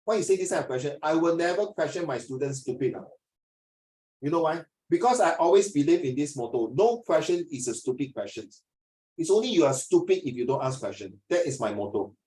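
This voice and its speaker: A middle-aged English tutor with a Malaysian English accent gives a lively classroom lesson, lecturing animatedly and acting out scenes. He switches between English and Mandarin in a voice on the high side. The recording is poor, in an echoey room.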